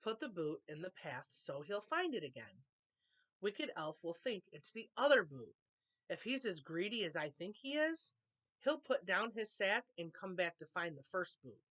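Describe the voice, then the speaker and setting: A woman voicing a clever, bold young female unicorn in a storybook read-aloud, speaking calmly and firmly. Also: lowish voice, moderate pace. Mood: instructing. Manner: calm, confident, firm.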